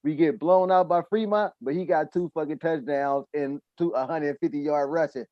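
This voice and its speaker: A man's voice: on the high side, moderate pace, no room sound, muffled recording. A man hosting a podcast, telling sports stories in loose, profane casual chat full of restarts and asides. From United States. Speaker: podcast host.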